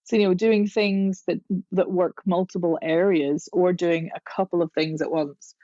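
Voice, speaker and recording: A woman voice coach speaks as a podcast guest, walking through exercises in a chatty, demonstrative manner. Her voice sits a little low. The recording is dry and dull, like lo-fi remote call audio. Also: steady tone, dark tone, no room sound. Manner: chatty, demonstrative, often slows to explain. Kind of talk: podcast interview, guest explaining.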